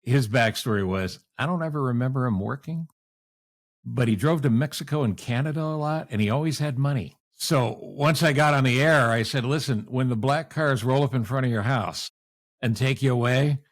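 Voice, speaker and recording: A relaxed man hosts a casual talk show. He tells an unhurried family story and nods along to his guest with quick replies. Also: medium pitch. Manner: easygoing, frequent short agreements. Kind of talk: casual chat.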